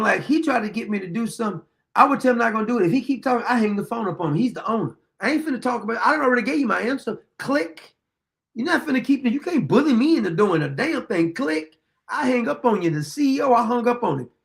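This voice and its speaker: Blunt, high-voiced man with a gravelly edge. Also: a bit bright. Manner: blunt, emphatic, plain-spoken. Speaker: podcast host. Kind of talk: casual monologue.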